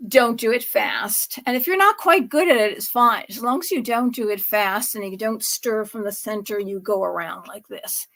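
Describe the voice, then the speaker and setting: A woman hosting a home cooking show talks through a recipe in a chatty, rambling way, drifting off topic and correcting herself with laughs. Her voice is medium-pitched, creaky, and a bit bright.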